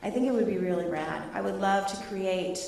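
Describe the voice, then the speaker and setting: A middle-aged woman, a teacher, presenting her research to students and taking questions in a lively, laughing way. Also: medium pitch, a little fast, creaky, slight background noise. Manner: animated, laughing storyteller. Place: large echoey hall. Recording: echoey hall, voice from a distance.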